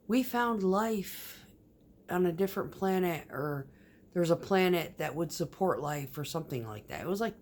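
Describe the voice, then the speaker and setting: A woman telling a rambling, profane story in casual vlog style, often dropping to a whisper. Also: low voice. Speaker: vlogger.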